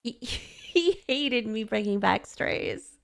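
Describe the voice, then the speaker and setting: A woman's voice: expressive, takes it slowly, creaky. Gushing woman streamer reading a game. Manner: emotional, gushing, high squeals when moved. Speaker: gaming streamer. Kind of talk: reading a story game aloud with chat asides.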